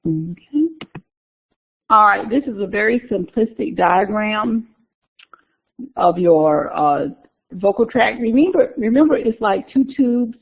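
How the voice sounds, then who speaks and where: A woman teaching a class in an easy, conversational way, going back over key terms and walking through slides as she goes. Her voice has a gravelly edge. The recording sounds thin and tinny, like a phone line. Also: medium pitch, expressive, takes it slowly, long pauses. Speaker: instructor. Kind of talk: recorded lecture.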